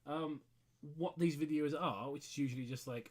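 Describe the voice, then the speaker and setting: A man co-hosting a casual comedy session, rambling through quick explanations with dry jokes. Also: a little high. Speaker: podcast co-host. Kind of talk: casual comedic group chat.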